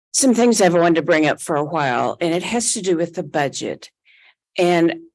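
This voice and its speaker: A woman's voice: low voice, vocal fry, a little mellow. A woman giving public comment at a school board meeting, speaking in a conversational, somewhat hesitant way.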